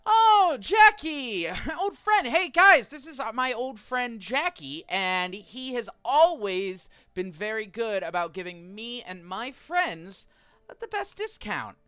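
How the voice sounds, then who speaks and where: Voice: mid-range voice, very animated, slow, sharp tone, clear, resonant tone, no room sound, pitched above the performer's own voice, full character voice. A game master voicing a breezy, theatrical female adventurer. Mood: gushing. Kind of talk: voicing a character in a tabletop game.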